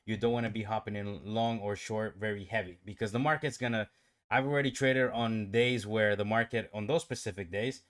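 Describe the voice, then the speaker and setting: Guy livestreaming his trades, mid-pitched voice, hypes himself up then explains calmly, desk mic. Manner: self-talking, pumped up, swings from calm explaining to excited outbursts. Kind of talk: live-streamed trading commentary.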